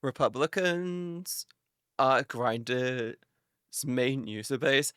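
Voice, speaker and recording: A woman's voice: sits low, lively intonation, measured pace, a bit bright, no echo, studio quality. A woman streamer in a casual live chat with her viewers, ranting animatedly, swearing a lot and laughing often.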